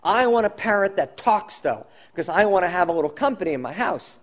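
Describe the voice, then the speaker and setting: A man's voice: sits high, fairly quick. A man playing a fed-up parrot owner. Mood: exasperated. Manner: exasperated, animated. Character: exasperated man who bought a cursing parrot.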